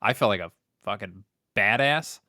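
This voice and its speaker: A man's voice: on the low side, lively intonation, moderate pace, bright, forceful tone, no room sound, studio quality. A man co-hosting a casual podcast, telling a laid-back childhood story with lots of fillers. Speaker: podcast co-host. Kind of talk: casual chat.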